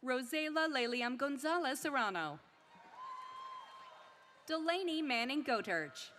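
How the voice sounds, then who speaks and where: Brief: female ceremony announcer, high and lively voice, faint crowd behind. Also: measured pace, slight background noise. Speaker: commencement name reader. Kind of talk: reading graduates' names at a ceremony.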